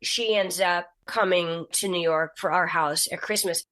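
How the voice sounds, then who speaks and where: Animated storytelling woman. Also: a little slow. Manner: animated, acts out quotes in a high voice. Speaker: guest actress. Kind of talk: casual podcast storytelling.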